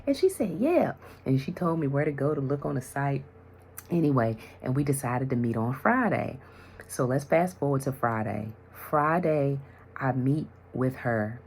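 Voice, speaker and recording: Woman vlogger, very deep gravelly voice, animated casual storyteller. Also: normal speed, a little hiss or hum. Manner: animated storytelling, acts out conversations. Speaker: vlogger, mental health worker and yoga teacher.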